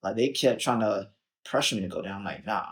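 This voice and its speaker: A young man from Chicago, appearing as a podcast guest, tells his story in a casual, animated way, acting out quotes and filling gaps with "like" and "um." His voice is on the low side and he talks a little fast.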